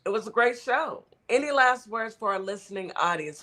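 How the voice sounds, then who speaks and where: Podcast host, bright tone, relaxed and talkative sign-off. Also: medium pitch, normal speed. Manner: relaxed, chatty, lots of fillers. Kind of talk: casual podcast chat.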